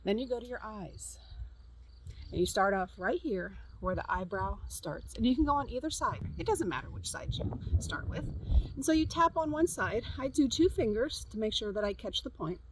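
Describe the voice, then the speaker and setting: Outdoors at a farm, a middle-aged woman counselor casually demonstrates a tapping technique, chatty and repeating short cue phrases with an easy laugh. Her voice is fairly high with lively intonation at normal speed, and the poor audio carries a little hiss or hum.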